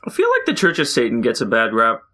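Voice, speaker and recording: A young man with a bright, sharp tone talks casually on a podcast. He hesitates and leans on fillers as he speaks. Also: mid-range voice, huge pitch swings, fast talker. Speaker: podcast co-host. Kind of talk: casual chat.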